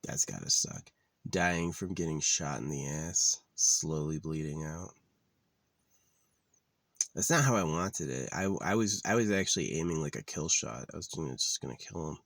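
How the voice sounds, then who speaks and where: A man's voice: extremely low pitch, moderate pace, gravelly, fairly bright tone, no echo. A man talking in a casual, rambling monologue, blunt and profane with a wry edge. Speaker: vlogger. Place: living out of his car.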